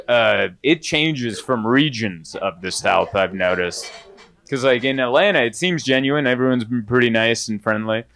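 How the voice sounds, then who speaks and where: A man in his thirties performing stand-up in a club, telling stories conversationally and acting out other people in quick put-on voices. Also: medium pitch, a bit bright, slight background noise. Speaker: stand-up comedian. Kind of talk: stand-up comedy set. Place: comedy club stage before a laughing audience.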